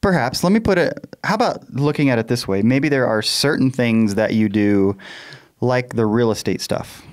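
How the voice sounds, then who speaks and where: Smooth-voiced male podcast host. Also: medium pitch. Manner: measured, plays devil's advocate. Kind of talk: casual podcast discussion.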